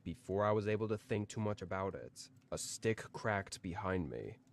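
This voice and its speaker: A man calmly reading out a scripted first-person horror story. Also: low-pitched, moderate pace, vocal fry, a little hiss or hum.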